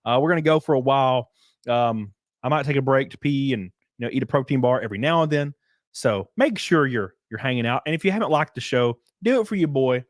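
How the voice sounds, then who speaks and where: A man hosting a livestream, chatting and ranting in a blunt, profane, animated way. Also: medium pitch, fairly quick, no echo, clean studio sound. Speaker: livestream host. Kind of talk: casual livestream chat and rant.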